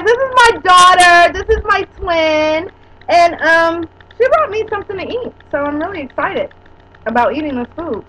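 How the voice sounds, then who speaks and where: A woman's voice: extremely high pitch, animated, normal speed, bright, forceful tone, slight background noise, poor audio. A woman in her forties chatting casually to viewers on a webcam at home, rambling and teasing. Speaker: vlogger. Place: at home indoors.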